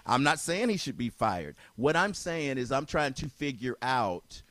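A man's voice: mid-range voice, big pitch swings, measured pace, a bit bright, dry recording. A man hosting a talk show, arguing insistently, often repeating himself and talking over his co-host. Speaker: podcast host. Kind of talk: heated debate.

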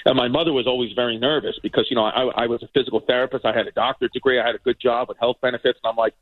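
A male comedian telling family stories in casual chat, animated and acting out the people in them. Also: medium pitch, racing, no echo, narrow, tinny audio. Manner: animated, acts out family members' voices. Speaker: comedian guest.

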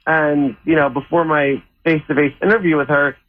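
A man calling in to a radio show who sounds sheepish as he confesses. His slightly high voice comes through a tinny phone line. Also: fairly even intonation, fairly quick. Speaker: caller.

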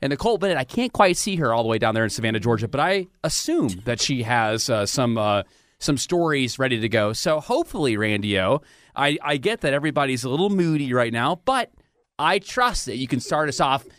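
A man's voice: medium pitch, big pitch swings, fairly quick, a bit bright, no room sound, studio quality. A man hosting a podcast, bantering with cohosts, teasing and laughing, often interrupting himself. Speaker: podcast host. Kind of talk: casual radio-style show banter. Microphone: studio microphone.

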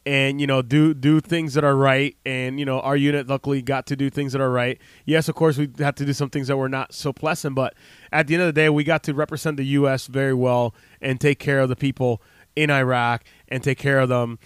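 Earnest, rambling man with smooth voice. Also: medium pitch, level tone, brisk, no room sound, studio quality. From United States. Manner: rambling, heartfelt, heavy with fillers and restarts. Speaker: health practitioner speaking to camera. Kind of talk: casual unscripted monologue.

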